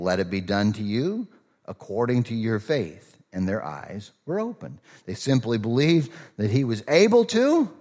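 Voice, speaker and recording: Conversational male pastor preaching, lively pitch. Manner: conversational storytelling with fillers and asides. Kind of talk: sermon.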